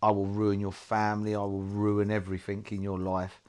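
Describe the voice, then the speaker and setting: A looming, menacing voice of addiction, put on by a man retelling it, speaking low and quiet. It repeats slow threats and waits patiently. The delivery is hushed and heavy. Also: monotone, natural voice.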